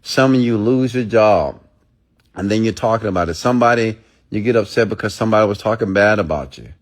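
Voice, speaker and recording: Motivational speaker, man, low-ish voice, preachy and emphatic. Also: a little fast. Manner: preachy, emphatic, mimics listeners in high voices. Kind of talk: motivational monologue.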